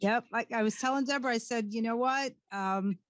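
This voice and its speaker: A woman's voice: a little high, a little fast, no room sound. A woman with a Brooklyn accent hosting a casual interview over a video call, chatty and effusive with hesitant restarts. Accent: Brooklyn New York. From Brooklyn, New York. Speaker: talk show host.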